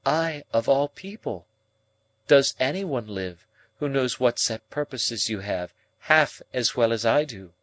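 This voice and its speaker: A cold, proud young woman, as a male narrator voices her in an audiobook. She lifts her voice only slightly and reasons in slow, measured, cutting sentences. The sound is close and dry. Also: mid-range voice, lively intonation, a bit bright, no echo, pitched above the performer's own voice. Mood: cool.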